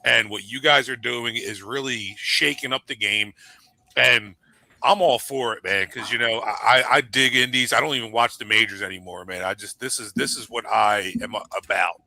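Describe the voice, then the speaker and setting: A man's voice: medium pitch, moderate pace, creaky, bright, forceful tone. A man hosting a wrestling talk show, chatting casually and supportively and calling people man. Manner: easygoing, supportive, says man often. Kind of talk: casual chat.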